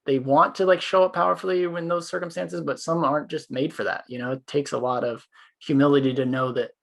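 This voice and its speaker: A man's voice: a little high, steady tone, a little fast, vocal fry. A man co-hosting a podcast, telling a long story in casual conversation, rambling with fillers. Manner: former police officer. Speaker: podcast co-host.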